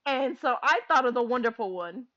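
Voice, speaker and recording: Woman streamer, high voice, giggly and sweary, casual rambling chat, dull lo-fi audio. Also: lively intonation, brisk, fairly bright tone. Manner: giggly, swears freely, jokey.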